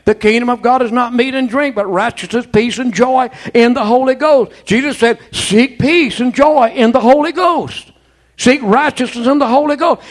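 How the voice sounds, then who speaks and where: A man preaching a sermon as pastor, fervent and folksy, peppering his talk with amens and praise. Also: high-pitched. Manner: folksy, colloquial storytelling.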